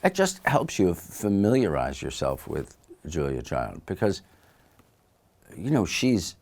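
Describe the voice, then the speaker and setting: Man, very deep voice, actor-author guest, easygoing and reflective, studio mic. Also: wildly swooping pitch. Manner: thoughtful, unhurried, trails off softly. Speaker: actor and author being interviewed. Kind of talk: relaxed conversational interview. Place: audiobook recording studio. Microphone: studio microphone.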